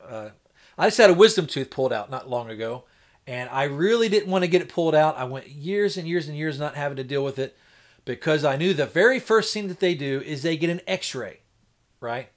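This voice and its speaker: A man's voice: on the high side, lively intonation, fairly quick. Chatty rambling man on a live stream. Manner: folksy, rambling, acts out doctors in quoted voices. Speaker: homestead livestreamer. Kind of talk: casual live-stream chat.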